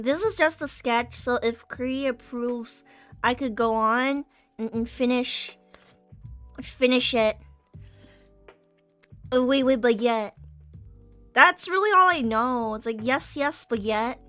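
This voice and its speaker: Bright-voiced young woman streamer, rambling. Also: high voice. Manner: rambling, many restarts, casual swearing. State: recovering from illness. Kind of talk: casual chat while drawing.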